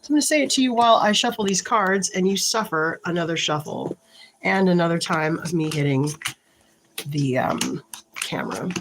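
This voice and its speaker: A woman's voice: fairly low pitch, background noise. A woman giving a casual tarot reading to camera, thinking aloud as she shuffles and pulls cards, frank and a little irritated. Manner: slow, halting, thinks aloud while shuffling and pulling cards. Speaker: tarot reader.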